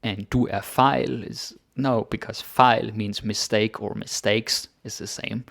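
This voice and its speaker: A man teaching grammar in a relaxed, chatty way, thinking aloud with fillers. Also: lowish voice, slow, vocal fry, no room sound, studio quality. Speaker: Danish language teacher. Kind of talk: casual grammar lesson.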